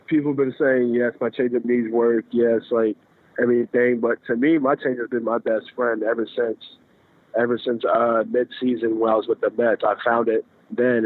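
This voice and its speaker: A man's voice: mid-range voice, no room sound. A young man in his twenties, a baseball player, answering interview questions in an easygoing way, often restarting his phrases. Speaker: guest baseball pitcher. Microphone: phone call. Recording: tinny dry phone line.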